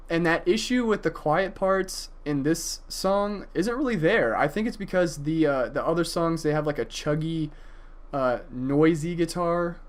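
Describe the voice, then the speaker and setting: A man casually reviewing an album, enthusiastic and profane, with frequent hesitations and fillers. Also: a little high. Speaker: music reviewer.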